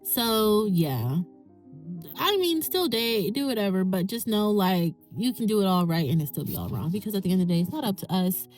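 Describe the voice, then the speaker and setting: A woman's voice: mid-range voice, sing-song, normal speed, a little mellow, faint music behind. A woman hosting a podcast, speaking in an impassioned, ranting monologue. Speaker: podcast host. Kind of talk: emotional monologue.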